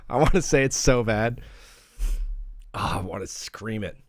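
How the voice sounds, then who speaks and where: A man's voice: lowish voice, a little slow, no room sound, clean studio sound. A young man hosting a live sports talk stream, brash and rambling, joking as he reads the chat. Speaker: sports talk show host.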